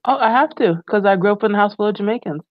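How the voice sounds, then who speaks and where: A woman's voice: mid-range voice, expressive, very fast, no room sound, lo-fi sound. A middle-aged woman talking frankly in a casual discussion over a video call.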